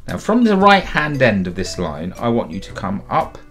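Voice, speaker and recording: A man's voice: mid-range voice, wildly swooping pitch, normal speed, a bit bright, faint music behind. A middle-aged man, a children's author and illustrator, giving a friendly drawing tutorial for kids in a chatty, upbeat way, often doubling words for emphasis.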